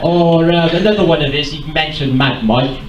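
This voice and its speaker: A man giving an animated, rambling talk live to an audience. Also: on the high side, normal speed, dull audio, a little hiss or hum. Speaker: convention speaker. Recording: roomy hall with faint ambience.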